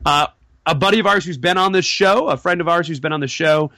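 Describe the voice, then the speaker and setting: A man's voice: on the high side, fairly quick, bright, forceful tone, dry recording. A man hosting a casual podcast, rambling with many fillers and restarts. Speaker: podcast host.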